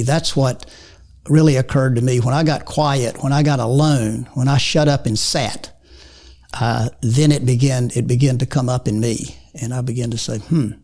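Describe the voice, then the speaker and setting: A man with a Charlotte, North Carolina accent, a podcast guest speaking calmly and reflectively. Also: mid-range voice. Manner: calm, reflective, unhurried. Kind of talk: reflective conversation.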